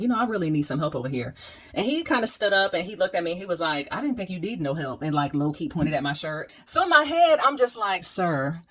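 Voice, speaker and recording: A woman hosting a DIY channel, telling stories and chatting to camera at home in a candid, animated, slangy way, cheering her viewers on. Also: fairly low pitch. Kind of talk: casual storytime chat to camera. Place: at home, moving between rooms.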